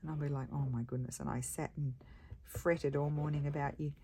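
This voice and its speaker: Middle-aged woman, low voice, chatty craft host, faint noise behind. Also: flat delivery, brisk. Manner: chatty, rambling, homely. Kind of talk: casual chat while crafting.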